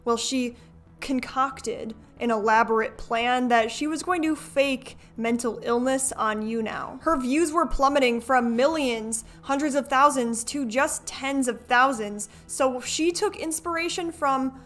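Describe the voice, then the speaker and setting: A woman's voice: high voice, a little slow, a bit bright. A woman narrating a scripted commentary video in a wry, gossipy, conversational way. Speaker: commentary host.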